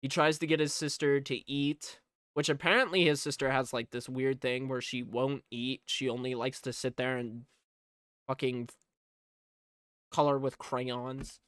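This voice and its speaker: A man's voice: medium pitch, level tone, measured pace, fairly bright tone, clean tone, no echo, studio quality. A man recapping a movie in a casual, rambling way, sarcastic and swearing freely. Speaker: movie reviewer.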